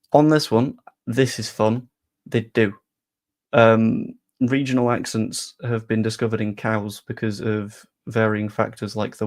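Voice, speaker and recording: A young man chatting casually on a live stream about football, rambling with self-deprecating asides. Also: fairly low pitch.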